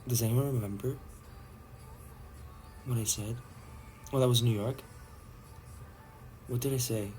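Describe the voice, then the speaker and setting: Playful young Canadian man, slow chat. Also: mid-range voice, fairly even intonation, darkish tone, soft background music. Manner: chatty, playful, drifting between topics. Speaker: idol livestream host. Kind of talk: casual livestream chat with viewers. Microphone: phone livestream.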